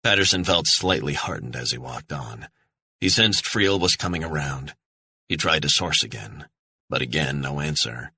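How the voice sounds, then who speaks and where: Low husky male thriller narrator. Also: sharp tone, no echo. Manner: grim, measured. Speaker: audiobook narrator.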